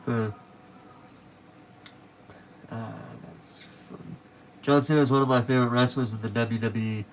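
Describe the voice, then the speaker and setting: A man's voice: mid-range voice, fairly even intonation, unhurried, background noise. A young man chatting casually to viewers on a late-night stream, rambling and correcting himself as he goes.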